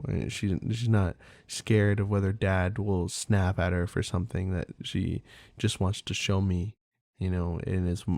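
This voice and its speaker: Guy hosting a podcast, rambling and swearing, dark mellow tone, dry close sound. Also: on the low side, dry recording. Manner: rambling, candid, swears freely, many fillers. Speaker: podcast host. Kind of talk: casual monologue.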